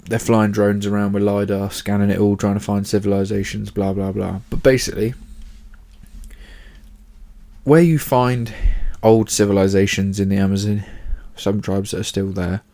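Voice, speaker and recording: A man's voice: on the low side, level tone, moderate pace, gravelly, few pauses, dark tone. A man hosting a casual solo podcast, chatty and rambling, swearing offhandedly and fighting off yawns. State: yawning. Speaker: podcast host.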